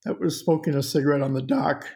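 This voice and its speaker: A man's voice: on the high side, fairly even intonation, fast talker, mellow. A middle-aged man, a cartoonist and game designer, telling anecdotes with laughs in a casual podcast chat.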